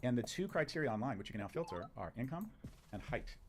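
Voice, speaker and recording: A man's voice: mid-range voice, very animated, quick pace. A man talks at a breakneck pace, firing off short, punchy statements as a guest on a talk show. His delivery is emphatic and opinionated. Faint background noise runs beneath his voice. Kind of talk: opinionated conversation.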